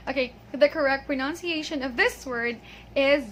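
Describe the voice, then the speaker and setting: A woman's voice: sits high, a little slow, sharp tone, slight background noise. A woman with a Filipino accent giving a chatty pronunciation lesson, laughing often and saying "okay" a lot. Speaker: English pronunciation teacher. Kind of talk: casual video lesson.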